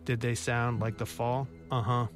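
A man's voice: mid-range voice, flat delivery, normal speed, soft background music. A man hosting a college radio show, back-announcing songs in a wry, self-mocking, chatty way. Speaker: radio DJ host. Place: radio studio.

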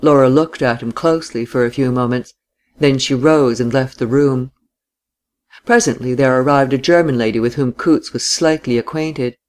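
Measured audiobook narrator. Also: mid-range voice, darkish tone. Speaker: audiobook reader. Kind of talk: scripted narration.

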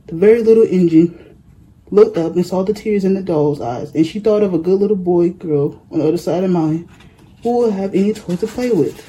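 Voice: mid-range voice, a little fast, mellow. A reader reading a children's picture book aloud, plainly and with small slips. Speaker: storybook reader.

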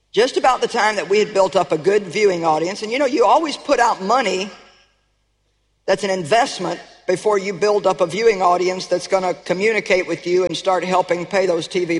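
An older woman TV preacher with a lowish voice gives an emphatic, animated sermon, rallying and urging on her congregation. Her words ring out with a long reverberant tail from a large hall.

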